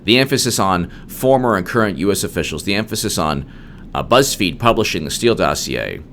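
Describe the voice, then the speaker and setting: Man, low voice, lively emphatic commentary, digressive, faint background hiss. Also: a little fast. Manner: emphatic, digressive, many restarts. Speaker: political commentary host. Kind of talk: solo political commentary monologue.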